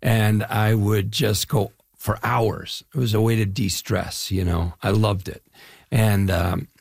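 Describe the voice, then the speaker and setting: Gravelly, husky older man. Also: fairly low pitch, little pitch movement, slow, darkish tone, no room sound, clean studio sound. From Chicago area, USA. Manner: enthusiastic, rambling storyteller. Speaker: actor guest. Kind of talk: casual interview.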